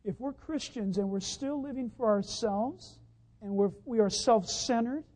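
A man preaching a sermon, telling a story as he goes, dropping from hushed to loud excited outbursts. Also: very high voice, measured pace, low-quality recording. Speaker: pastor.

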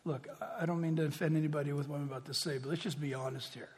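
A man preaching a sermon in an animated way, firing rhetorical questions at the congregation in a church. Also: fairly high pitch, very fast, slightly rough. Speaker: pastor. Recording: long reverb of a large hall.

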